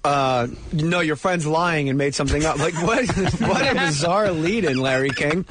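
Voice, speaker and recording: A man with a voice a bit higher than most men, chatting in a radio studio. He tells animated, joking stories and slips into other people's voices when he quotes them. His tone is casual throughout. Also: normal speed, few pauses, very noisy. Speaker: comedian guest.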